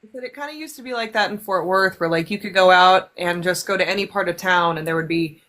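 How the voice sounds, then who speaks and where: A woman guest talks on a live stream in a somewhat low voice. She hesitates and uses a lot of fillers as she speaks. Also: fast talker, fairly bright tone, a little hiss or hum. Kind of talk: casual chat on a livestream.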